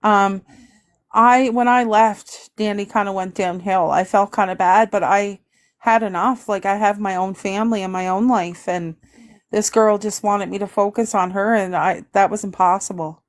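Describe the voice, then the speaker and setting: Canadian woman, livestream guest, candid and laughing, mid-pitched voice. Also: fairly even intonation, moderate pace. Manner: candid, laughs often, reads comments aloud. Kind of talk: casual livestream chat.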